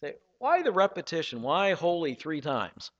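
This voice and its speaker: A man preaching a sermon, reading scripture dramatically and swinging between loud passages and hushed ones. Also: fairly high pitch, big pitch swings, normal speed, long reverb tail, lo-fi sound. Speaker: pastor.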